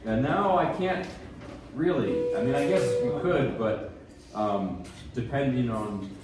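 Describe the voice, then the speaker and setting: A man introducing pieces at a piano recital, relaxed and rambling, with self-deprecating asides. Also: medium pitch, slow. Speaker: pianist giving a lecture recital. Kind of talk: casual spoken introductions between pieces. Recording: echoey room, mic at a distance.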